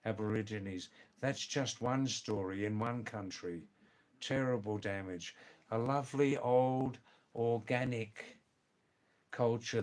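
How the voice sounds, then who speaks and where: A man hosting a live stream, casually chatting with viewers, greeting them by name and repeating exclamations. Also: mid-range voice. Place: seated indoors.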